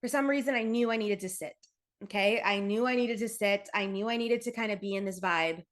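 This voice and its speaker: A woman's voice: medium pitch, fairly quick. A woman hosting a solo podcast, telling a personal story candidly and emphatically, swearing freely and speaking straight to her listeners. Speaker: podcast host.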